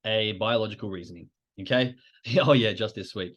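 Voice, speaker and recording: A man's voice: on the low side, moderate pace. A man hosting a podcast, explaining ideas in an informal, conversational way with frequent fillers. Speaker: podcast host. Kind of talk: educational podcast talk.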